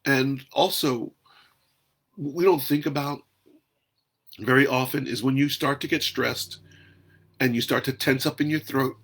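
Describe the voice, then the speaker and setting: A man hosting a calm, unhurried guided breathing talk outdoors, speaking softly. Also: medium pitch, breathy edge. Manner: calm, soft-spoken, unhurried. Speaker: host.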